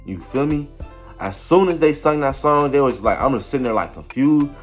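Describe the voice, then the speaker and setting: A man's voice: mid-range voice, lively intonation, normal speed, soft background music. A young man telling a story in a casual, rambling way, full of slang and repeating "you feel me". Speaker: vlogger.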